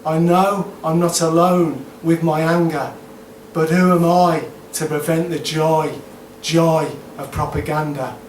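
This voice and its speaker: Man, slow deliberate spoken word poet, roomy venue, distant mic. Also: on the high side, steady tone, noisy background. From Birmingham, England. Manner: slow, deliberate, sardonic delivery with hesitant asides between poems. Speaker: performance poet. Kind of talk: spoken word poetry performance. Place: live performance venue, indoors. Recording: echoey room, distant mic, faint ambience.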